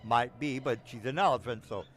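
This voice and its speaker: Fairly quick and mid-range, this man's voice guides a tabletop game as its game master. He keeps stalling with fillers and starting his sentences over, sounding hesitant throughout.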